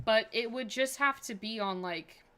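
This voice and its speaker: A woman's voice: on the high side, moderate pace, bright, forceful tone. Chatty woman streamer thinking aloud. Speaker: game streamer. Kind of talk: casual livestream chat.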